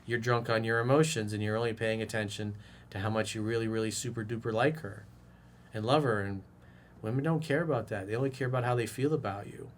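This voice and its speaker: A man's voice: fairly low pitch, steady tone, fast talker, a little hiss or hum. Blunt, profane male dating coach. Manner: casual bro-talk, direct address. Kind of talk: advice monologue reacting to a viewer's message.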